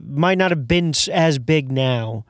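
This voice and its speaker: Guy with a higher voice going on about movies, lots of you know and like, dry sound. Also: lively intonation, unhurried, no room sound. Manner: rambling, many fillers and restarts. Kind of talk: casual movie review chat.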